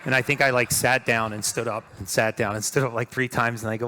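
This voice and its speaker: A man on stage telling a story in a lively way, acting out the voices of the people in it. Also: mid-range voice, normal speed. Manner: animated storyteller acting out quotes. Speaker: speaker. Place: stage before an audience.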